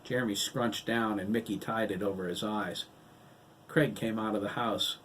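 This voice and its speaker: A man narrating his own novel in a steady, even audiobook reading. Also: fairly low pitch, moderate pace, distant mic, slight background noise, poor audio. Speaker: author and narrator.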